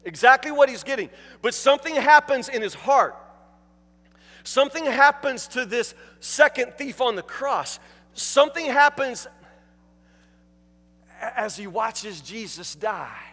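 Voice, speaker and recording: High-voiced preaching man in reverberant hall. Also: expressive, measured pace, pauses often. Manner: emphatic, repeats words, drops to hushed tones. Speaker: pastor. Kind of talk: sermon.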